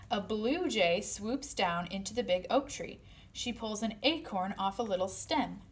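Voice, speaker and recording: A woman reads a children's picture book aloud in a steady, mid-range voice. She turns playful on the animal sounds, jumping up high for the squeaks and yips. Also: a little slow. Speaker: storybook reader.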